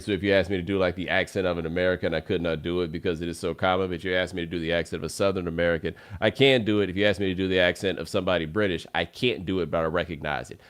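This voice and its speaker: A man's voice: low-pitched, clean tone. A man hosting a podcast, chatting casually in a playful, teasing way and laughing often. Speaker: podcast host. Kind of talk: casual talk show hosting.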